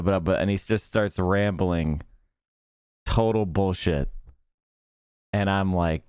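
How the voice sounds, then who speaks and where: A man's voice: low-pitched, takes it slowly, pauses often, clear, resonant tone, dry recording, studio quality. A man telling a story to his chat in a casual, profane way, acting out what others said. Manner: swearing, animated, acts out quotes.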